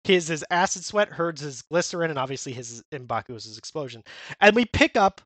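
A man with a fairly high voice talks through a comic in a loose, rambling podcast chat, full of fillers and restarts. The recording is close and dry, with no room sound. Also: animated, a bit bright, no room sound. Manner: rambling, many fillers and restarts, quick quoted character lines. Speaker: podcast co-host. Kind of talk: casual chat recapping a manga.

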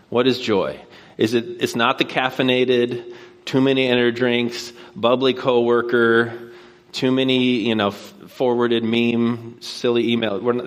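A man preaching a sermon from a stage, telling a neighborhood story in a relaxed conversational way and then posing rhetorical questions. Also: medium pitch. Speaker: pastor. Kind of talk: sermon with personal anecdote.

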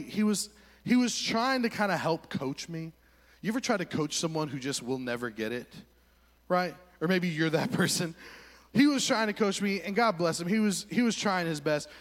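A young man preaching, telling a lively story with voiced quotes in a church hall. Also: high-pitched. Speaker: pastor. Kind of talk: sermon story. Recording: long hall reverb.

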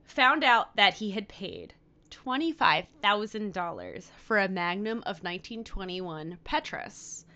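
Podcast host, woman, bright tone, lively and profane storyteller. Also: mid-range voice, measured pace, dull audio. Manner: animated, profane, breaks into laughter. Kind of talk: casual storytelling chat.

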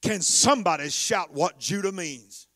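High-voiced shouting preacher man. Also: animated, measured pace. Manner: call-and-response shouting, singsong cadence. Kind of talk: sermon.

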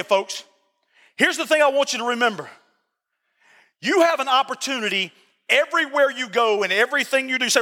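Male pastor, very high bright voice, fervent repetitive preaching, church hall reverb. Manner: impassioned, repeats phrases, addresses congregation directly. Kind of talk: sermon. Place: church sanctuary.

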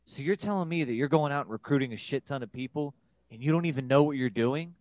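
A man's voice: medium pitch, fast talker, a little mellow, dry recording, natural voice. A man voicing an exasperated, blunt father who scolds his son and cusses in disbelief. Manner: incredulous, cussing.

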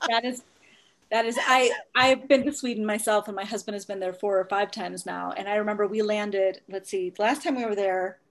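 A woman's voice: medium pitch, fairly even intonation. Encouraging woman host chatting. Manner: encouraging, quick short replies. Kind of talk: casual chat.

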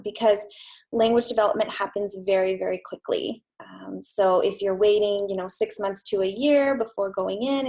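A woman's voice: medium pitch, a little mellow, low-quality recording. A woman in her thirties, a speech language pathologist, giving upbeat, reassuring advice in a casual podcast chat.

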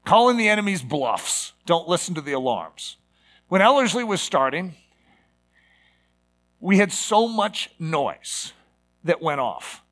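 A middle-aged man preaching a sermon, animated and given to acting out voices with sudden loud outbursts. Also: fairly high pitch, unhurried, long pauses. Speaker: pastor.

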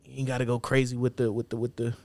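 A man's voice: mid-range voice, little pitch movement, fast, darkish tone, dry recording. Opinionated man on a podcast, dry sound. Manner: opinionated, slangy, laid-back. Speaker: podcast co-host. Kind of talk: casual podcast banter.

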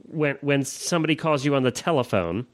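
A man's voice: mid-range voice, lively intonation, brisk. Easygoing man hosting an interview. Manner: easygoing, laughs often, hesitant restarts. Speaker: podcast host. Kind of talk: casual interview talk.

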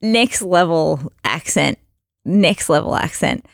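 Podcast host, woman, young, laughs mid-story, low and creaky. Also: lively intonation, takes it slowly, no room sound, clean studio sound. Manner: chatty, laughs through her own stories. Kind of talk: casual storytelling chat.

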